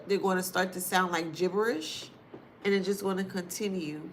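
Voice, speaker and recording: A woman's voice: on the low side, fairly bright tone, slight background noise. A woman giving a casual spiritual reading to her viewers, chatty and informal, repeating phrases for emphasis. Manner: chatty and informal, with drawn-out asides and frequent laughs. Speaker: astrology or tarot reader.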